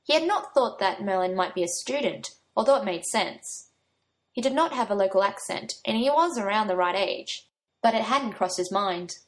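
A woman's voice: medium pitch, lively intonation, normal speed. A woman reading a story aloud, giving her own light touch to the young men's lines. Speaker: narrator.

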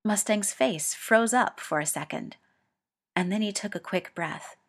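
A woman reading a story aloud, slowly and with feeling. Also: lowish voice, gravelly. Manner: slow and expressive. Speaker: reader.

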